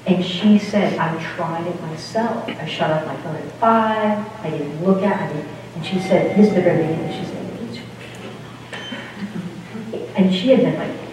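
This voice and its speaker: A woman's voice: on the low side, brisk, hardly any pauses, background noise. A woman giving an informal spiritual talk in a rambling, chatty way, often breaking off mid-sentence. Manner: rambling, chatty, self-interrupting. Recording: distant, echoey hall, dull sound.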